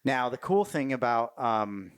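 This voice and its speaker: A middle-aged man, a military veteran, telling war stories in a casual interview, cursing freely, animated and laughing as he goes. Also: medium pitch, measured pace, clean tone, no echo, clean studio sound. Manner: profane, animated, laughs mid-story.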